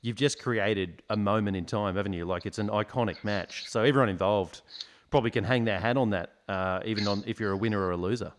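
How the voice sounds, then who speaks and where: A man hosting a podcast, chatting relaxed and conversational with his guest. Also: lowish voice, fast talker. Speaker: podcast host. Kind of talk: casual interview chat.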